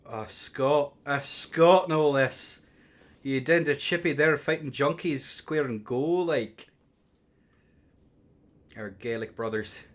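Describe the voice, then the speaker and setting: A young man hosting a game tournament stream, rambling and swearing between bursts of excited play-by-play commentary. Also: mid-range voice, takes it slowly, pauses often. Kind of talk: casual livestream game commentary.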